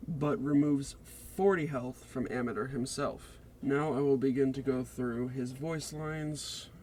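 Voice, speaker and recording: A man reading out a scripted, deliberate presentation of a character concept for a game. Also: mid-range voice, darkish tone, slight background noise. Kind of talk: read-aloud character pitch.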